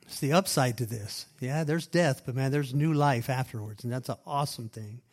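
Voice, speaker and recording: A man preaching a sermon, reading scripture aloud and explaining it with emphatic repeated phrases, loud stresses and quiet asides. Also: mid-range voice, normal speed. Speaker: pastor.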